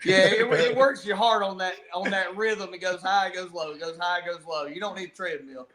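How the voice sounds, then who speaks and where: Man, guest coach, joking, high voice, crowd chatter behind. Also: fairly quick. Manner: jokey, laughing. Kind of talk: casual chat.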